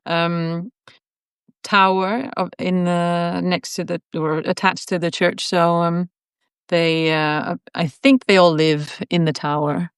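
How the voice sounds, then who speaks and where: A woman's voice: lowish voice, little pitch movement, slow, smooth, dry recording, studio quality. A woman guest artist chatting casually, hesitant, searching for words with frequent fillers. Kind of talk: casual chat.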